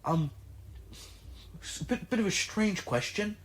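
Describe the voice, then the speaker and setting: A man's voice: sits high, lively intonation, slow pace, slightly rough, pitched above the performer's own voice, full character voice. A man voicing a polite, old-fashioned male adventurer companion who talks hesitantly in a tabletop game.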